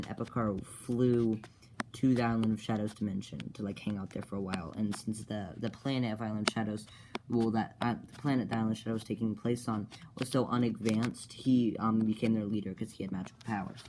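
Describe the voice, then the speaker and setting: Halting man rambling through a story recap. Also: fairly low pitch, flat delivery, background noise. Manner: halting, many fillers and self-corrections. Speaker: storyteller recapping his own comic. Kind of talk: rambling casual retelling.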